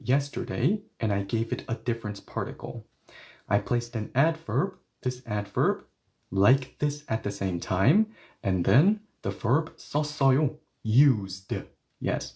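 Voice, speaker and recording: A man teaching a grammar lesson, explaining patiently step by step and repeating example sentences slowly. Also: on the low side, a little mellow. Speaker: Korean language teacher.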